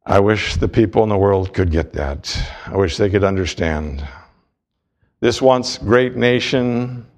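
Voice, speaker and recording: A man preaching a sermon, earnest and storytelling, driving points home through repetition. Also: on the low side.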